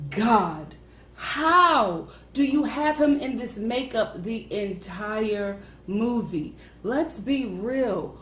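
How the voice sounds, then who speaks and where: A woman reviewing a film in casual chat, effusive and dramatic with playfully devout asides. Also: on the high side. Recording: echoey room, faint noise.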